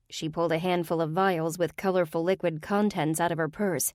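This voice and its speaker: A woman's voice: fairly low pitch, steady tone, a little fast, few pauses, darkish tone, no echo, clean studio sound. A woman reading a first-person urban fantasy audiobook with a wry, comic delivery. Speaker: audiobook narrator.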